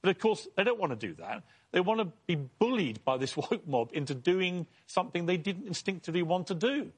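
British man, husky voice, higher pitch, animated indignant panel talk. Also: a little fast. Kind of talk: heated TV panel debate.

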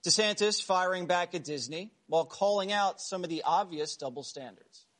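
A man's voice: sits high, moderate pace, fairly bright tone. A man hosting an opinionated TV news show with a sarcastic, punchy delivery.

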